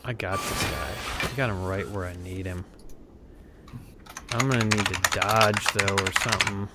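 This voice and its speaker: A man's voice: deep voice, fairly even intonation, normal speed, very noisy. A man chatting on a game stream, teasing his friends and muttering to himself as he plays cards. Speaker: show regular, playing a card game. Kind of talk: casual chat and play-by-play of his game.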